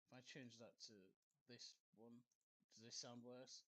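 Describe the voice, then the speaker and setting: A man's voice: mid-range voice, little pitch movement, measured pace, pushed and bright. A man streaming a game, muttering to himself and chuckling while he fiddles with his computer microphone. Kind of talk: casual live stream chat. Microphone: desktop computer microphone.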